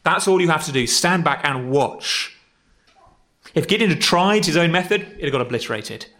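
A man's voice: fairly high pitch, expressive, moderate pace, fairly bright tone. Man preaching conversationally. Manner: conversational, self-deprecating preaching with repetitions. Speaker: pastor. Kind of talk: sermon.

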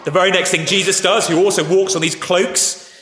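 Male preacher, conversational storytelling sermon, slightly high voice, roomy church echo. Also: steady tone, fairly quick, a bit bright. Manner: storytelling, speaks directly to the congregation and the children. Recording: echoey church hall with long reverb.

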